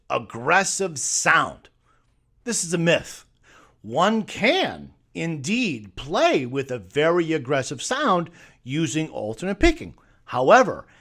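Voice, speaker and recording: A man's voice: high-pitched, a bit bright. A man teaching guitar technique, emphatically debunking myths and firing off rhetorical questions. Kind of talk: instructional talk to camera.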